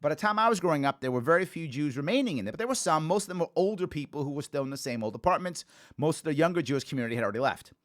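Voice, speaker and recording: A man's voice: a little high, animated, rapid-fire. A man in his forties from the Bronx, hosting a call-in talk show and telling stories in a conversational, thinking-aloud way. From the Bronx, New York.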